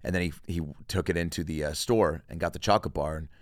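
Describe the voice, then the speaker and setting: A man's voice: deep voice, fast, dry recording, studio quality. A man hosting a comedy podcast, chatting casually and rambling in a jokey way, also doing an ad read. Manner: rambling, jokey, lots of fillers.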